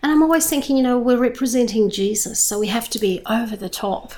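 A woman's voice: a little high, quick pace, a little mellow. A middle-aged Australian woman, a church leader who runs a food charity, telling her story with enthusiasm and emphasis in an interview. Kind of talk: interview testimony.

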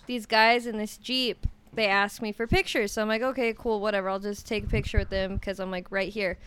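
A woman's voice: mid-range voice, little pitch movement, brisk, a bit bright, smooth. A young woman chatting casually, telling a story bluntly and swearing a lot. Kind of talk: casual chat.

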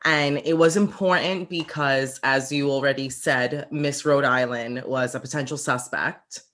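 A woman's voice: a bass voice, steady tone, unhurried, fairly bright tone. A woman guest on a podcast, plainly summarizing a movie plot with a few fillers. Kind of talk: casual chat.

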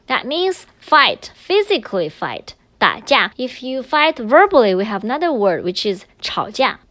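A woman teacher walks through grammar patiently, switching between English and Chinese. Her voice sits a little high and swings widely in pitch. The recording is dry and close. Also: sing-song, measured pace, a bit bright, dry recording. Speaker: language teacher. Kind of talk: explaining grammar in a recorded lesson.

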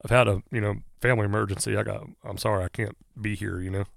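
A man speaks in a lower register, recounting events in an earnest, halting way. His sound is close and dry, with no room in it. He talks casually, as if to a friend across the table. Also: steady tone, creaky, a bit bright, dry recording. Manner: halting, many "uh" fillers, earnest. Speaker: guest, firefighter. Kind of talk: casual conversational storytelling.

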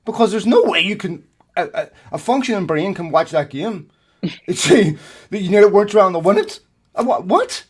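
Male podcast co-host, heated casual chat, animated rants and swearing, slightly higher-pitched voice. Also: moderate pace, slightly rough.

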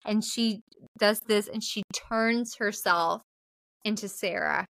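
A chatty young woman recapping a film for her podcast, leaning on fillers and the odd swear word. Her voice is mid-pitched and sits in a dry, close sound. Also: takes it slowly, gravelly, fairly bright tone, no room sound. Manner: chatty, frequent "like" fillers, profane. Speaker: podcast co-host.

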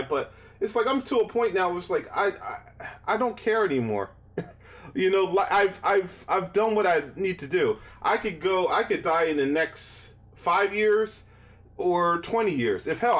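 A middle-aged man co-hosting a podcast, talking in a rambling way, repeating his words and swearing freely. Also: medium pitch. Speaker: podcast co-host. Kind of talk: casual chat.

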